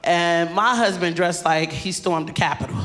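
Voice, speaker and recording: A woman comedian doing a stand-up set on stage into a handheld mic, animated and laughing through her punchlines. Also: fairly low pitch, normal speed, heavy background noise.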